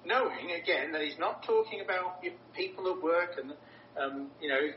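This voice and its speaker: A man's voice: expressive, normal speed. A man preaching a sermon in an earnest, emphatic way, often repeating words for stress. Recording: roomy, distant, dull with low rumble.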